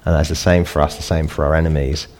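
A middle-aged man delivers a sermon in a relaxed, conversational way. His voice sits low, and he pushes it up into emphatic peaks when he wants to stress a point. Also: fast. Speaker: pastor.

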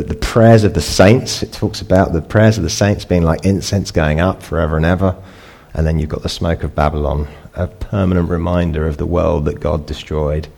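Deep-voiced man preaching conversationally. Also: gravelly, darkish tone. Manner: conversational preaching, rising emphatic peaks. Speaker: pastor. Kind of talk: sermon.

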